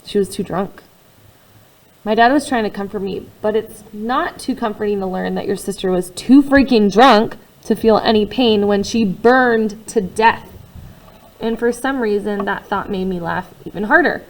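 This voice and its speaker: Female reader, first-person novel, expressive delivery that swings between hushed and loud. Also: mid-range voice, normal speed, poor audio. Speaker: audiobook reader.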